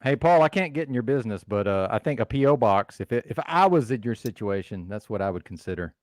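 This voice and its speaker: A man on a talk show, speaking hesitantly and measured. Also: mid-range voice, animated, a little mellow, no room sound, studio quality.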